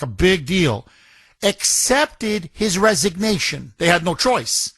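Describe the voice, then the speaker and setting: Male talk radio host, sarcastic and outraged, bright tone, dry studio mic. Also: high-pitched, no room sound. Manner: mocking, indignant, mimics others in a whiny voice. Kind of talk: opinionated talk radio monologue.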